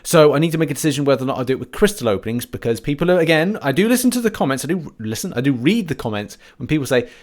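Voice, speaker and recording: A man's voice: on the high side, lively intonation, very fast, few pauses. A man hosting a casual gaming podcast, rambling and laughing often as he talks. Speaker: podcast host.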